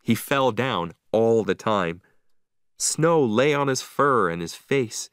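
A man narrating a simplified story for English learners, slow, carefully enunciated and expressive. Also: medium pitch, smooth, dry recording, studio quality.

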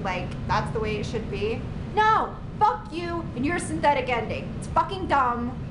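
A woman's voice: sits high, noisy background. A woman in a home room, venting in an exasperated, sarcastic rant full of swearing on a gaming reaction vlog. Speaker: gamer reacting to a game ending. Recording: echoey room.

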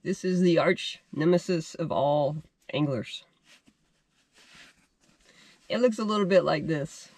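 A man's voice: fairly high pitch, slow, long pauses, a little mellow. A man hosting a fishing channel, telling a made-up story in a casual, rambling way with fillers and self-corrections.

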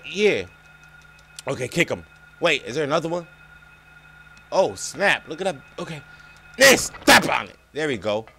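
Young man, gaming commentary, bright tense voice, jumpy and excitable, faint hiss behind. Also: medium pitch. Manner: excitable, talks to viewers as "y'all", laughs and yelps at scares. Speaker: gaming streamer. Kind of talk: let's play commentary.

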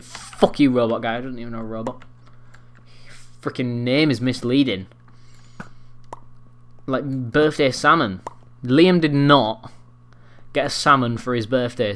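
A sixteen-year-old boy doing excitable, foul-mouthed gameplay commentary, trash-talking other players. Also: mid-range voice, slight background noise. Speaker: gaming commentator.

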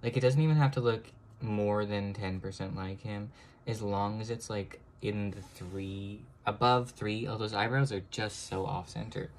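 A young man chatting casually to viewers as he draws, self-mocking, now and then breaking into high excited exclamations. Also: moderate pace, slight background noise. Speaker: drawing vlogger. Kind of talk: casual chat while drawing.

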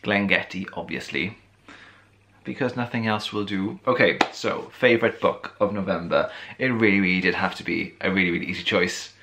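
A man from Wales with a deep, gravelly voice talks in a friendly, rambling way, like a relaxed catch-up over tea. He is tired and losing his voice after a long day. He is recording on a camera mic in his bedroom. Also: normal speed, slight background noise. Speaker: vlogger. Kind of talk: casual chat.

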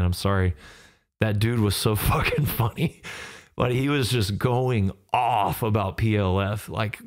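Podcast host, man, thirties, lowish smooth voice, laid-back rambling delivery. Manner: relaxed, rambling, with frequent fillers and laughs. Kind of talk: casual solo podcast talk.

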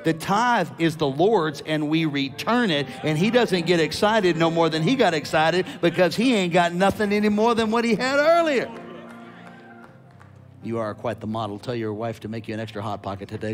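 A man preaching a sermon as a guest preacher, animated and loud at his peaks, with quick asides to the crowd. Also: on the high side, faint music behind.

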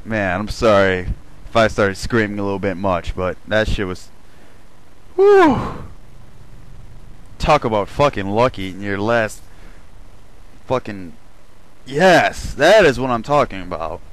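A man giving live gameplay commentary, excitable and swearing freely. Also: on the low side, measured pace, long pauses, low-quality recording. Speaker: gamer.

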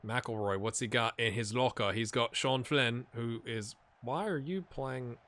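Bright-voiced man rambling over gameplay. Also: mid-range voice, a little slow. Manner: rambling, chatty, jokey asides to players. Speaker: gaming video host. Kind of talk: casual gameplay commentary.

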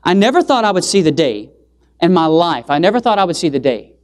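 A man delivers an impassioned sermon in a church setting. He keeps questioning his listeners, then answers himself, leaning hard on key words with sudden rises in pitch and loudness. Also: big pitch swings, brisk. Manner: emphatic, asks the audience rhetorical questions; swings pitch and loudness for emphasis. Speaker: evangelist preacher.

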